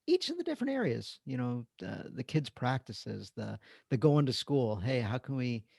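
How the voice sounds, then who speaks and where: A man's voice: medium pitch, big pitch swings, normal speed, creaky, a little mellow, husky, no room sound. A man who is a guest on a podcast, a coach and author, talking in a casual, upbeat way and filling his speech with "like" and "you know.". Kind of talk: conversational podcast interview.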